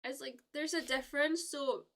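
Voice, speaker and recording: A woman's voice: high-pitched, fairly even intonation, normal speed, fairly bright tone. A young woman from the UK chatting casually with viewers on a live stream, rambling with lots of fillers and restarts.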